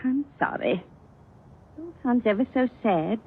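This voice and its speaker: A woman's voice: fairly high pitch, lively intonation, slow, slight background noise. An actress playing a breezy, teasing young woman in an old radio drama. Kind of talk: 1940s radio acting. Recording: dull old radio recording.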